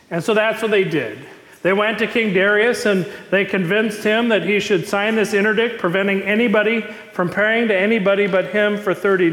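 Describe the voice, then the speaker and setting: A man preaching a sermon, telling a story with animated, emphatic repetition. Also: sits high. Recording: echoey hall reverb.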